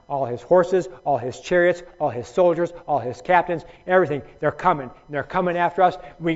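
Man, Bible study teacher, emphatic, high voice, dull lo-fi recording. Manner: emphatic, addresses listeners by name; reads scripture aloud.

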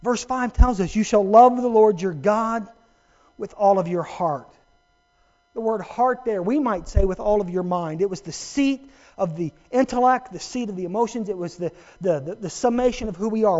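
Man, pastor, high voice, emphatic sermon, playful asides, muffled recording. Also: normal speed, darkish tone. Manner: emphatic preaching with humorous asides to the congregation.

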